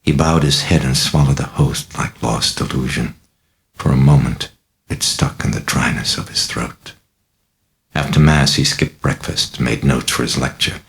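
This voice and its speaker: A man narrating his own novel as an audiobook in a measured, grave, dramatic reading. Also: a bass voice, gravelly, fairly bright tone.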